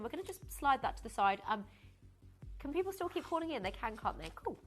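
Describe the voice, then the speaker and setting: Excitable high-voiced woman presenting live. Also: brisk, faint music behind. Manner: excitable, giggly, flustered, chatty. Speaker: shopping channel presenter. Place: TV studio.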